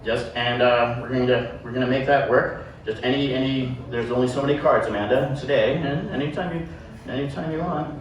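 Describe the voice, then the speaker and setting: A man's voice: medium pitch, fairly even intonation, a little fast. A man doing live sideshow stage patter with a volunteer, joking and self-deprecating as he rambles through his act. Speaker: sideshow performer. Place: live show venue with audience. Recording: echoey room, distant mic, background noise.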